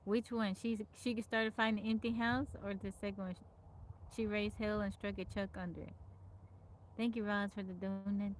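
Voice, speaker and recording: A woman's voice: medium pitch, level tone, moderate pace, a little hiss or hum. A woman hosting a casual livestream, reading out folksy old sayings and greeting viewers by name. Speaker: livestream host.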